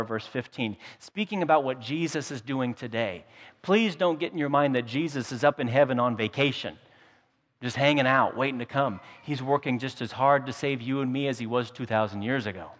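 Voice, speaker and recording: Storytelling pastor preaching in a reverberant hall. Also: male voice, mid-range voice, moderate pace. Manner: storytelling and humorous, often repeats words. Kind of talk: sermon.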